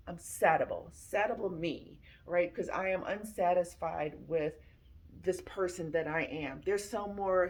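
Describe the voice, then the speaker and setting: A woman in her fifties, a military retiree, telling personal stories in a casual vlog, with slang and acted-out bits of dialogue. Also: on the low side. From Philadelphia, US. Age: 50s.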